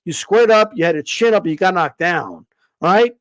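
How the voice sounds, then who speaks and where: A man's voice: sits high, expressive, normal speed, dry recording. A man giving casual, opinionated boxing commentary in a rant, swearing, repeating words and firing off rhetorical questions. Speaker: boxing commentator on a live stream.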